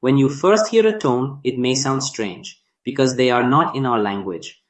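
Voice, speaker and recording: A man narrating a scripted language lesson, speaking deliberately and drawing out sounds to demonstrate them. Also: medium pitch. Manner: slow, deliberate delivery demonstrating tones with drawn-out sounds. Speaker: language teacher.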